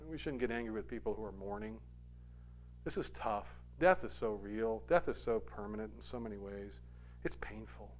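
Preaching in a fairly high voice, a man swings between loud, forceful peaks and soft, quiet asides. When he quotes someone, he performs the lines with real feeling.

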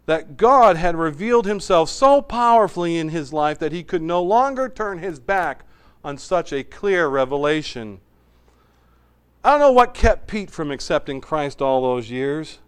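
A man preaching a sermon as pastor, swinging between emphatic raised passages and quiet, hushed asides. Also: fairly high pitch, very animated, unhurried, smooth.

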